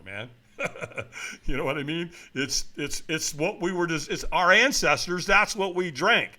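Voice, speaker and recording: A man in his seventies talks with bright, forceful energy, driving every point home like a motivational coach. His voice sits a little high for a man, and he talks bluntly and emphatically as an interview guest. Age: 70s. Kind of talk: casual interview talk.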